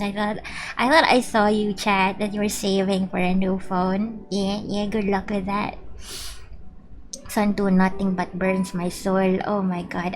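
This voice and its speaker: A woman's voice: mid-range voice, noisy background. A woman with a Filipino accent chatting casually on a game stream, playful and giggly as she reads chat aloud. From Philippines. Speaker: VTuber streamer. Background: faint background music.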